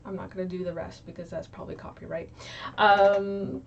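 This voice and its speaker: This young YouTube creator talks briskly to camera in a lowish, gravelly voice with fairly even intonation, sprinkling in ums and likes as she chats casually with viewers. The lo-fi sound comes from a low, distant mic in a small room, with slight background noise.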